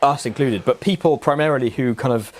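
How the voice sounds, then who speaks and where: A man's voice: mid-range voice, brisk. A young man co-hosting a casual car podcast, chatty and enthusiastic, laughing often. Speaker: podcast co-host. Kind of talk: casual chat.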